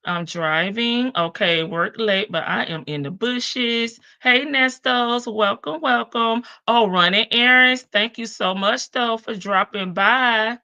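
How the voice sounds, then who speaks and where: A woman's voice: fairly high pitch, takes it slowly, few pauses, sharp tone, clear, resonant tone, dry recording, highs cut off. A woman hosting a casual livestream, chatting and greeting viewers one by one in a big country voice. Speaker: livestream host.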